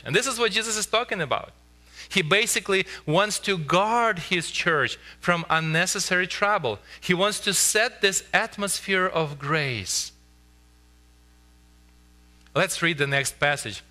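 Man, pastor, sermon in church; earnest, pleading, slows for emphasis; very bright tone. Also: a little high. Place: church sanctuary.

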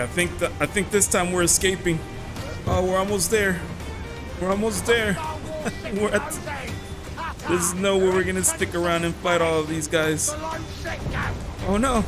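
A man giving casual, excitable commentary while he plays a video game, often laughing and talking to himself. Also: fairly high pitch. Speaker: gaming channel host. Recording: voice over loud game music.

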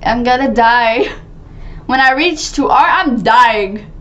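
A woman playing a video game and commenting live to her viewers, chatty and excitable, gasping and shrieking when startled. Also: a little high, unhurried, highs cut off. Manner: chatty, talks to viewers as "guys". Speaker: gaming channel host.

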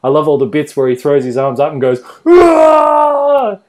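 A man's voice: medium pitch, flat delivery, fast, warm tone. A man guest in a casual movie chat, easygoing and enthusiastic. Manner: easygoing, enthusiastic, laughs often.

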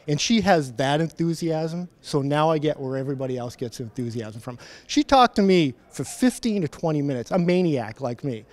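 A middle-aged man, a principal engineer at a conference, telling an animated story and acting out the dialogue. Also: on the high side, fairly quick. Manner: animated anecdote-telling, acts out quoted dialogue. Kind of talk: storytelling in an event interview. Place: conference floor.

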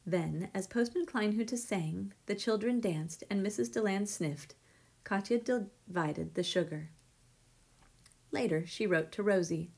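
A woman reading a children's picture book aloud with gentle, measured storytelling. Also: mid-range voice, gravelly.

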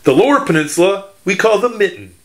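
A man from Michigan talks to schoolchildren like a teacher, playful and fond of puns. His voice sits a little high and swoops all over as he explains. He keeps it upbeat and animated the whole way through. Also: fast. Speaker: children's author. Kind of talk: educational talk for children.

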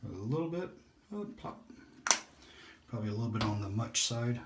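A man hosting a shaving video, chatting in a relaxed, rambling way and talking to himself as he shaves. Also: on the low side, rapid-fire, very noisy. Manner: relaxed, rambling, self-talk while shaving. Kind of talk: casual shaving vlog chat. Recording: echoey room.

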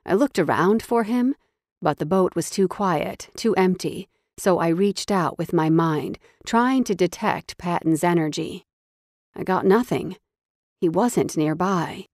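A woman's voice: lowish voice, measured pace, a little mellow, no echo, studio quality. A woman narrating a first-person romance audiobook in an intense, dramatic read.

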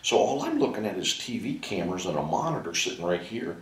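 Man, low register, lively anecdotal interview delivery; roomy distant-mic sound. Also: fast talker. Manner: animated anecdotes, laughs often. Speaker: ventriloquist interviewee. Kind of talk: casual storytelling interview.

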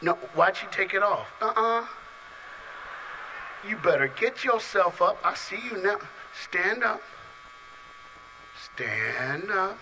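This preacher's voice is high and a little slow, with long pauses, as he gives a lively youth sermon before a large live audience amid background noise. Playful and direct, he singles out crowd members and moves from soft remarks to shouts.

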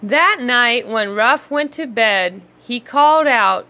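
A woman reads a children's storybook aloud, expressive and unhurried. Her voice is bright and a little high, and she takes her time over every line. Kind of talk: read-aloud storybook narration.

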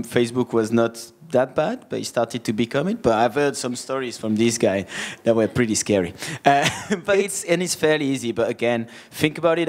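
A man moderating a conference panel, relaxed and chatty with filler ums. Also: medium pitch. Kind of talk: casual panel talk.

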